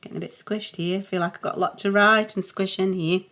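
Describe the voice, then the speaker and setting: A woman's voice: medium pitch, steady tone, quick pace, fairly bright tone. A middle-aged woman, a music theory teacher talking through a worked exercise patiently and thinking aloud as she writes. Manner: patient, thinking aloud, sings short note sounds.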